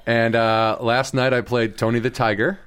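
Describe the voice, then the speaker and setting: A man co-hosting a casual comedy podcast, riffing, incredulous and quick to laugh. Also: medium pitch, flat delivery, fairly bright tone, clean tone. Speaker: podcast co-host.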